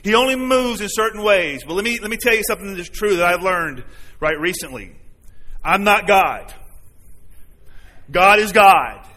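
A man's voice: high voice, expressive, normal speed, long pauses, sharp tone. A man preaching a sermon to his congregation, earnest and conversational, often asking them questions. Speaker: pastor. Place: church sanctuary. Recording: long hall reverb.

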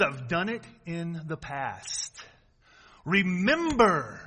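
Bright high-voiced preacher in a hall. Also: male voice, big pitch swings, normal speed. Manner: emphatic, repetitive, addresses congregation. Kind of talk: sermon. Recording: reverberant hall.

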